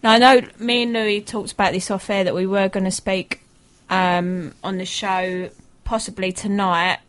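This radio co-host, a woman on a football show, speaks in a flat, mid-range voice at normal speed. She reads listener emails and chats, laughing, hesitating and filling gaps with fillers.

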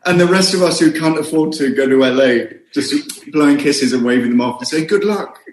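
Wry British actor in a roomy space. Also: male voice, mid-range voice, fairly even intonation, fairly quick, slight background noise. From Britain. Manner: self-deprecating, wry. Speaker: actor guest. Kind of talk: casual podcast chat.

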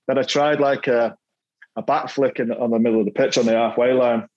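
A man's voice: mid-range voice, fairly even intonation, a little fast, darkish tone, muffled recording. A middle-aged man with a Mancunian accent, a podcast guest telling self-deprecating stories from his playing days, laughing often and repeating words as he goes. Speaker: guest, former footballer. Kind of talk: casual storytelling chat.

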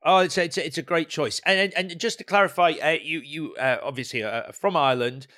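A man's voice: fairly high pitch, quick pace, pushed and bright. A man hosting a casual podcast interview, enthusiastic and often stumbling over repeated words. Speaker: podcast host.

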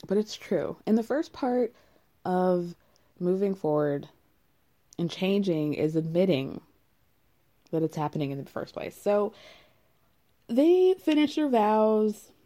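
Mellow-voiced woman chatting casually. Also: medium pitch, big pitch swings, takes it slowly, long pauses. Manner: candid, rambling, with frequent "like" and laughs. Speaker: show recap host.

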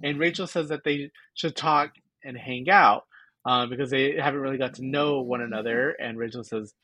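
A man's voice: mid-range voice, fairly even intonation, moderate pace, pushed and bright, no echo. A man co-hosting a podcast, casually recapping episode scenes and laughing as he quotes the characters. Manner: retells scenes with quoted lines, laughs often. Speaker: podcast co-host.

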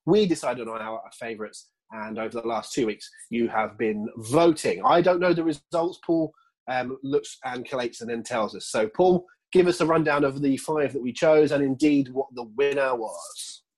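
A man's voice: medium pitch, normal speed, husky, low-quality recording. A man hosting a casual podcast, chatty and self-mocking, with rambling asides. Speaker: podcast host.

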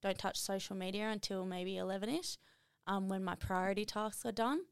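A young adult woman, a podcast guest and coach, talking in an energetic, emphatic casual chat full of "like". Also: medium pitch, moderate pace, clean tone, no echo, studio quality. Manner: energetic, emphatic, many fillers like "like". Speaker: podcast guest, running coach and motivational speaker.

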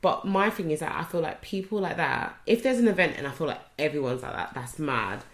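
A young woman, co-hosting a podcast and telling stories in animated, casual chat. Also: sits low, fairly quick, reverberant. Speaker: podcast co-host.

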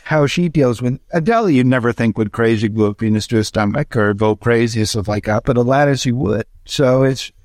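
A man, a stand-up comedian, chatting casually on a podcast in a rambling, animated way with frequent restarts. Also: mid-range voice, a little fast, hardly any pauses, dry recording, clean studio sound.

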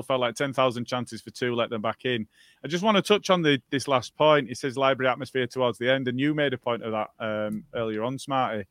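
A man's voice: medium pitch, fairly bright tone, dry recording. A man hosting a football podcast, reading out listener comments and dropping wry, dry remarks along the way. His voice sounds close and dead, with no room around it. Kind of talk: casual football podcast chat.

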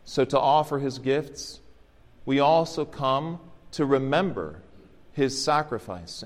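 A man, an Orthodox priest, explaining the liturgy to his congregation in a gently encouraging teaching sermon. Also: mid-range voice. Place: church. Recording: long church reverb.

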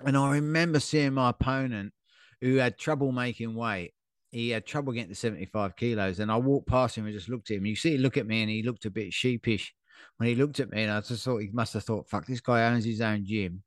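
A man's voice: medium pitch, quick pace, dry recording, studio quality. A man, a podcast co-host, telling a fight story in casual chat, blunt and swearing freely. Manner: blunt, swears freely, acts out quotes with energy.

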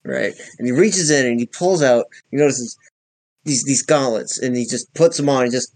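A man in a middle register plays a tabletop role-playing game, narrating his character's moves. He rambles and restarts, animated and a little theatrical. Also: mid-range voice, moderate pace. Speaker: player.

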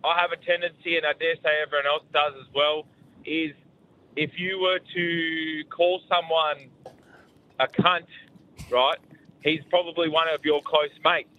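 A man's voice: fairly high pitch, fairly even intonation, measured pace, slight background noise. An Australian man calling in with a casual, swearing voice message. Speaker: caller. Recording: tinny phone-quality voice message.

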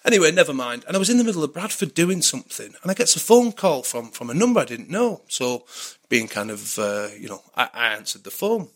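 A man with a British accent, a podcast guest telling a casual anecdote in a lively, chatty way and sometimes swearing. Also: fairly high pitch, a little fast, hardly any pauses. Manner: animated storyteller, acts out quoted dialogue, swears casually.

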